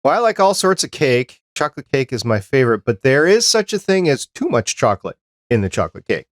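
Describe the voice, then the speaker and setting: A man hosts a podcast chat in a relaxed, rambling way, at a middling pitch. His voice sounds close and dry, with no room sound around it. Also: brisk, no echo. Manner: easygoing, rambling, chatty. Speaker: podcast host.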